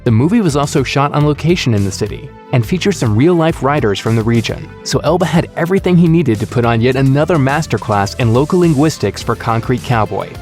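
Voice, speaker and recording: Lively man narrating over soft music. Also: mid-range voice. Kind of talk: scripted entertainment narration. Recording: voice-over with faint music bed.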